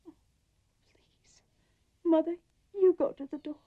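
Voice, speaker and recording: A woman's voice: very high-pitched, fairly even intonation, takes it slowly, dry recording, phone-quality sound. An actress playing a timid, fragile young woman who speaks faintly in a 1950s film. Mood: frightened. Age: young adult. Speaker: shy daughter.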